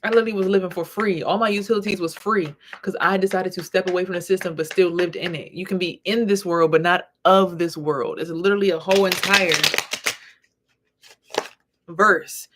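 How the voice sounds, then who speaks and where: Speaking briskly in a fairly low, fairly even voice, a woman tells profanity-heavy stories straight to camera. She's a vlogger and spiritual reader giving a casual monologue, with a noisy background behind her.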